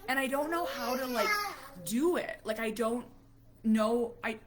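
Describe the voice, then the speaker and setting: A woman around forty talking to camera as a parent vlogger, halting and emotional, dropping to a near whisper at heavy moments. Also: fairly high pitch, noisy background. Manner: halting, emotional, many restarts. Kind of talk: casual talk to camera.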